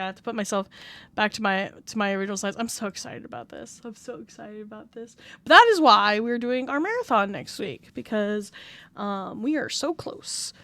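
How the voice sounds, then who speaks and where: A woman streamer chatting casually on a livestream, excitable and gushing. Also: mid-range voice, no room sound. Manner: excitable, gushing, breaks into squeals and laughs. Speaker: VTuber streamer.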